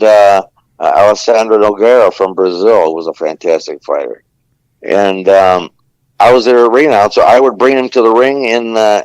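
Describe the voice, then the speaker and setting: Gravelly deep-voiced man telling stories. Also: a little mellow, no room sound, rough recording. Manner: rambling anecdotes with frequent fillers and profanity. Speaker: podcast guest, former ring announcer. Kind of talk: casual storytelling.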